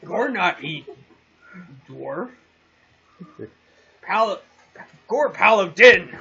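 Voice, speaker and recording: A man's voice: high voice, sing-song, very slow, creaky, pushed and bright, breathy edge, heavily acted. A man voicing a dim-witted, brutish paladin who speaks of himself in the third person with broken grammar, on a muffled lo-fi recording. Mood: blunt.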